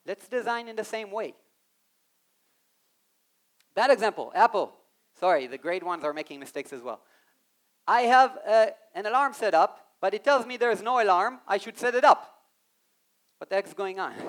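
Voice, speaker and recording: A man giving an animated live talk on a conference stage, speaking straight to the audience and acting out quoted voices. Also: high voice, normal speed, long pauses. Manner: animated, addresses the audience directly.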